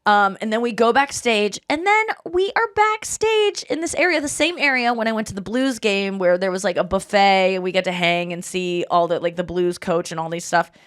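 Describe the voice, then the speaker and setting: A woman's voice: medium pitch, normal speed, hardly any pauses. A woman in her thirties hosting a podcast, telling a story in casual chat and acting out what people said. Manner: animated storytelling, acts out quoted voices. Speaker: podcast host.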